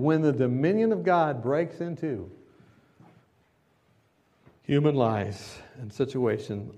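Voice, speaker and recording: Pastor guy preaching, goes quiet then loud, keeps asking the room questions. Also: medium pitch. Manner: rhetorical questions to the congregation. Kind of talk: sermon.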